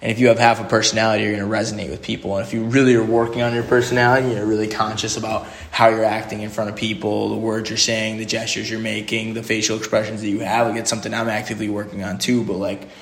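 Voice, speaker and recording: A young man hosting a solo podcast gives a rambling motivational monologue, full of "like" and restarts. His lowish, gravelly voice is flat and fast, with few pauses.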